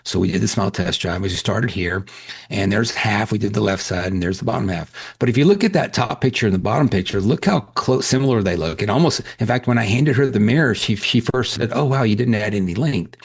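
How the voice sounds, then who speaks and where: A man's voice: lowish voice, lively intonation, brisk, creaky, slightly rough. A male dentist giving a webinar lecture, telling candid patient stories in a conversational way with frequent restarts.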